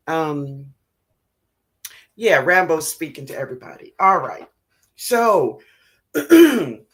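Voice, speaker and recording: A middle-aged woman with a low-pitched, fairly bright voice and a breathy edge hosts a gardening live stream. Drawling without hurry, she chats casually with viewers and affectionately calls them baby.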